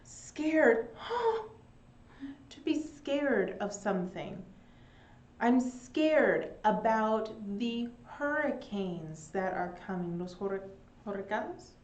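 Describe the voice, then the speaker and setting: A young woman teaching an English lesson online, speaking slowly and brightly and adding Spanish glosses for her learners. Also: mid-range voice. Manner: slow and animated, with Spanish glosses. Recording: echoey room.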